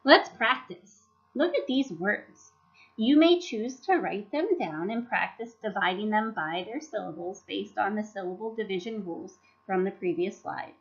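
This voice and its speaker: A woman's voice: mid-range voice, normal speed. A woman giving a scripted teaching presentation, carefully sounding out syllables and words. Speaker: teacher presenting professional development. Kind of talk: scripted instructional narration. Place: voice-over for slide presentation. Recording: dull lo-fi recording.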